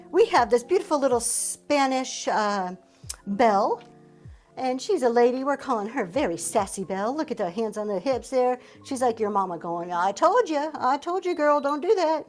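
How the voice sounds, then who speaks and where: A woman's voice: fairly high pitch, lively intonation, normal speed, darkish tone, faint music behind. A middle-aged woman from Pennsylvania, hosting a live reselling auction in an upbeat, chatty way and thanking her viewers as she goes. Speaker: live-stream reseller host. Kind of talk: live auction selling chat.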